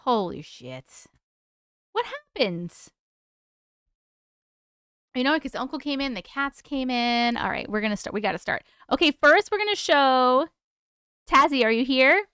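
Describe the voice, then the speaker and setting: Picture a woman streamer at her desk at home, chatting away and swearing without a second thought. Her voice sits a touch high and comes through smooth and clear. The sound is close and dry. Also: unhurried, pauses often, no room sound. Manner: chatty, swears freely, excitable. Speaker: host of a live stream. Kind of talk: casual live-stream chat.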